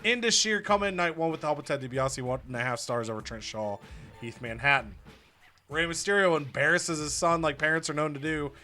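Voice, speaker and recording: A man runs through match results in a casual, excitable commentary style, breaking into loud laughs now and then. His voice is bright and sits a little high. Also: brisk. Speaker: host.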